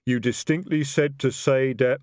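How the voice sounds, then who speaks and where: A man voicing a slow, dim-witted male troll bodyguard who rumbles his words and speaks in earnest, broken grammar. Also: fairly even intonation, a little mellow, no echo, clean studio sound, natural voice. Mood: plodding. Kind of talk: audiobook character voice.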